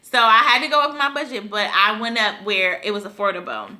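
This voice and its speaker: A young woman from Buffalo, New York, tells a storytime vlog to her viewers in a mid-range voice that's animated, fairly quick, pushed and bright. She's chatty and emotional, often calling her audience "y'all."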